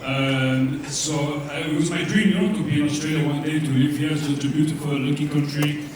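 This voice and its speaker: A comedian playing a cheeky French coach with a heavy put-on French accent, teasing a crowd at a live lunch event. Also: male voice, on the high side, little pitch movement, fairly quick, a little hiss or hum, close to an everyday voice. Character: boastful French coach, teasing, adult man. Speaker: comedian in character. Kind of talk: live stand-up character act. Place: large function room at a lunch event. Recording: echoey hall from far off, loud crowd.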